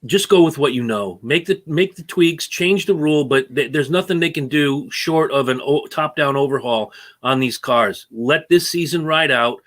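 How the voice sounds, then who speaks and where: A man co-hosting a casual racing podcast, opinionated and animated as he rants about rule changes. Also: fairly high pitch, moderate pace. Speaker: co-host. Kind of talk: casual sports talk.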